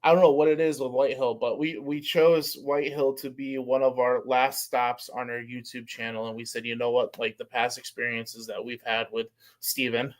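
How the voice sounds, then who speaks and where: A man's voice: mid-range voice, little pitch movement, moderate pace, few pauses. A man co-hosting a casual podcast, upbeat and speaking straight to viewers. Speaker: co-host.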